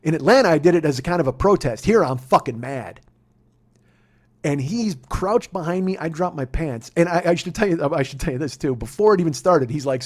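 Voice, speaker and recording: A man, telling a profane story as a podcast host, swinging between muttering and shouting. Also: on the high side, expressive, fairly quick. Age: 40s. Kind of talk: storytelling monologue.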